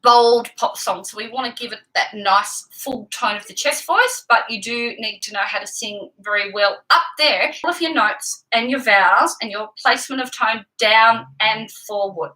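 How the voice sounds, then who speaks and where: A woman teaching singing, with a bright, ringing tone and a voice set a little high. She walks through vocal technique patiently and clearly, step by step. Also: normal speed, few pauses, low-quality recording. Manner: explains clearly and patiently, with sung examples. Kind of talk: vocal lesson with sung demonstrations.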